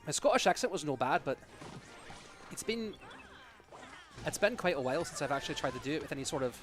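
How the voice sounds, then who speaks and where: A young American man casting an esports match live, chatting with viewers in a rambling way with lots of fillers, then breaking into loud, excited play-by-play. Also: on the high side, quick pace, over music. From United States. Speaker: esports caster. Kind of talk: livestream commentary and chat.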